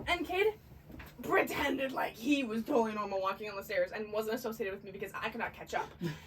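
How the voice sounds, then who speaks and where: A woman's voice: medium pitch, brisk. A young woman telling a funny story among friends, often breaking into laughter. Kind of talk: casual chat. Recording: noisy room, distant mic.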